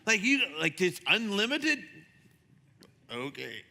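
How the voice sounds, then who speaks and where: A man preaching a sermon as a pastor, chatty and animated, acting out the voices in his stories. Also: a little slow. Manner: conversational, animated, acts out dialogue with shifting pitch. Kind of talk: sermon with storytelling. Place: church sanctuary. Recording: long hall reverb.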